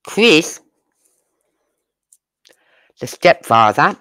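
A true crime host talks through a case in a casual, unhurried way, taking each point slowly. The delivery is sarcastic and full of rhetorical questions, with blunt, crude slang. The voice sits at a middling pitch. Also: very animated, a bit bright.

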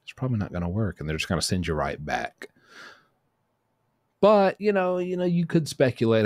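A man's voice: on the low side, very animated, moderate pace, no echo. A man giving casual, blunt commentary in a streetwise way, with many fillers and restarts. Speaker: commentator on prison news.

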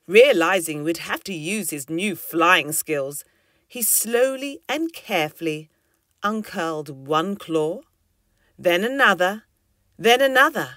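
A woman reading a children's story aloud in an expressive, lilting way. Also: on the low side, takes it slowly, dry recording, studio quality.

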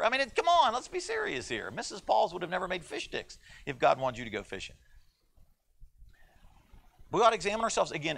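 Male teacher, American, gravelly, folksy conversational Bible class delivery. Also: sits high, a bit bright. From United States. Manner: folksy and joking, with playful voices for quoted people. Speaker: Sunday school teacher. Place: church classroom.

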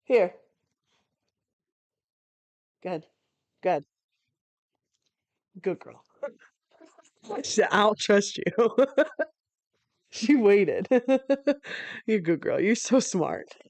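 A woman's voice: medium pitch, sing-song, extremely slow, pauses often, a little mellow, dry recording. A woman giving casual live play-by-play commentary from home, laid-back and swearing freely between plays.

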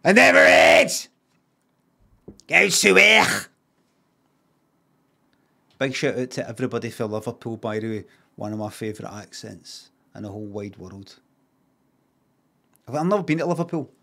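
A middle-aged man with a Glaswegian accent, chatting casually on a live stream, animated and emphatic and swearing freely. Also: fairly low pitch, brisk.

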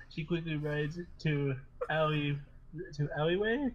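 A man's voice: a little high, steady tone, husky, lo-fi sound. Man reading stories aloud, cracking up. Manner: reads haltingly, often breaking into laughter. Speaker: podcast host.

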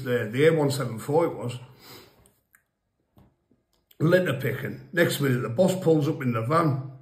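A man casually telling rambling, funny stories about his past, laughing and swearing as he goes. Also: medium pitch. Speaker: storyteller guest. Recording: echoey room.

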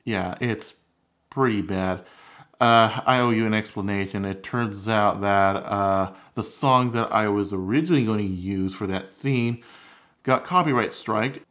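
A man's voice: fairly low pitch, measured pace, a bit bright. A man hosting his own cooking channel, chatting candidly and critiquing his own recipe videos. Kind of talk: casual vlog commentary.

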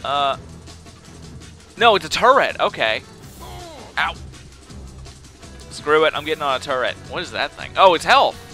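Young male let's-player, jumpy and exclaiming, a bit high-pitched. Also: a little slow, long pauses, faint music behind. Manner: excitable, exclaiming and panicking. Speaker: let's play gamer. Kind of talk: casual gameplay commentary.

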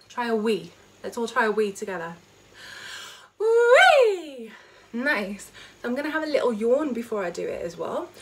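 A woman choir leader, teaching an online vocal warm-up from home and demonstrating high sung notes. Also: a little hiss or hum. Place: home during lockdown.

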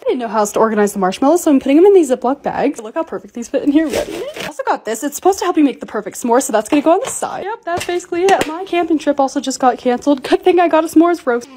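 A woman's voice: sits high, slight background noise. A young woman narrating her own videos as a creator, bubbly and gushing as she shows off things she bought. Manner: bubbly, gushing, quick and excitable. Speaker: TikTok creator. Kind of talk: casual vlog voice-over.

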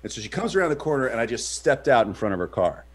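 A man chatting on a podcast in a lively, swooping voice at a middling pitch. He tells a rambling story full of fillers and restarts. He jumps to loud, shouted lines whenever he acts out a quarrel. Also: quick pace, husky. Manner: animated, shouts in reenacted quotes. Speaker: podcast co-host. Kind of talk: casual storytelling chat.

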